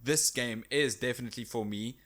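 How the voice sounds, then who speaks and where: A man's voice: medium pitch, brisk, fairly bright tone. Teasing man co-hosting a podcast. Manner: teasing, jokey. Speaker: podcast co-host. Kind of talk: casual chat.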